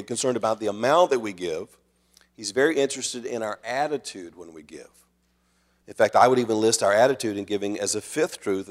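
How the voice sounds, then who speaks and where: Earnest male pastor preaching. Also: on the low side. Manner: earnest preaching, swings between loud emphasis and quiet asides. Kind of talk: sermon.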